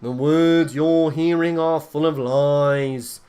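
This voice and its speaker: A man voicing a stern male herald of a church inquisition, proclaiming slowly and solemnly while reading a text game aloud. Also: a little high, steady tone, dark tone, clear, resonant tone. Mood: stern, commanding.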